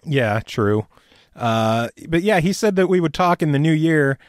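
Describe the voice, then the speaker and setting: A man's voice: a little high, expressive, a little slow, dry recording, studio quality. A man hosting a podcast, chatting casually about games with crude jokes and frequent laughter. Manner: joking, crude, laughs often. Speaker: podcast host.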